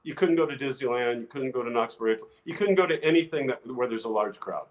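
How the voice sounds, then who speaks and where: An older man, an actor guest, telling lively anecdotes in a casual interview, restarting phrases often. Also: medium pitch, fast, rough recording. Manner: animated anecdotes with many restarts.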